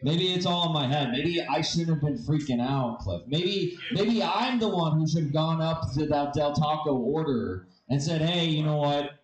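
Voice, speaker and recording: A man's voice: a little high, normal speed, hardly any pauses, reverberant, slight background noise, low-quality recording. A man doing stand-up comedy, telling rambling, profane, self-mocking stories.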